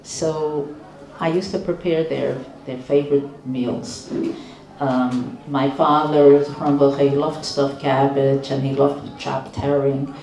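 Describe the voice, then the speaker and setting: An older woman, a rebbetzin, giving a storytelling talk in a slow, measured way with frequent restarts. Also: a bass voice, little pitch movement, dark tone. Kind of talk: storytelling lecture. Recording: roomy, distant mic.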